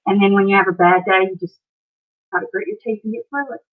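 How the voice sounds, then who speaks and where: A woman's voice: mid-range voice, quick pace, faint music behind. Chatty Appalachian American woman, lo-fi stream. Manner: chatty, reads and answers viewer comments. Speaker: live stream host. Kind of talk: casual live stream chat.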